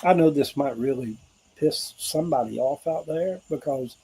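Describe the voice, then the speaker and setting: A man's voice: medium pitch, normal speed, warm tone, husky, low-quality recording. A middle-aged man with a Southern US accent, hosting a livestream and talking earnestly about hope and faith, rambling in a preacher-like way with asides to viewers. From American South. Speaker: livestream host. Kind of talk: informal spiritual livestream talk.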